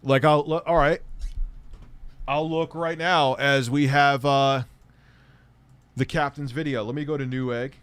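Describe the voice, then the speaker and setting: A man reacts to a video in loose, sarcastic commentary, swearing freely and muttering asides to himself. His voice sits at a middling pitch. The sound is dry and close, with no room echo. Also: fairly even intonation, measured pace, long pauses, fairly bright tone, smooth.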